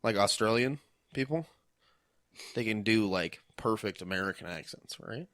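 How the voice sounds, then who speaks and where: A man's voice: on the low side, lively intonation, normal speed, a bit bright, no echo, studio quality. Loose, laughing young man on a podcast. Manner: loose, profane, laughs often. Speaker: podcast co-host. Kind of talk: casual podcast banter.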